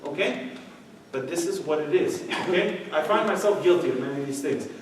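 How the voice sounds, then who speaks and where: A man's voice: a little high, lively intonation, fast, slight background noise. Man in an echoey church hall. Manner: conversational, keeps asking "okay?". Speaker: youth speaker. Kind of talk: church youth talk. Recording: echoey room, voice from far off.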